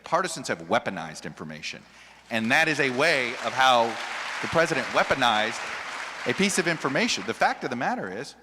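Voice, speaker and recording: A television journalist speaking on a panel, animated and often restarting his sentences. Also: mid-range voice, a little fast, crowd noise, background noise. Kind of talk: panel discussion. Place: large hall with an audience. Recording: long reverb of a large hall.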